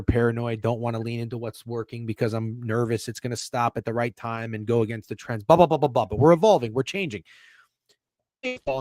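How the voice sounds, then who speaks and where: A man co-hosting a casual sports betting podcast over a video call, animated, teasing and swearing a lot. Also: mid-range voice, dry recording. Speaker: podcast co-host.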